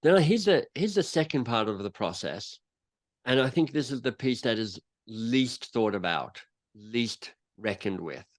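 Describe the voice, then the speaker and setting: An unhurried man with a medium-pitched voice is a guest author and coach in a podcast interview. He's a lively storyteller who acts out short quotes as he goes.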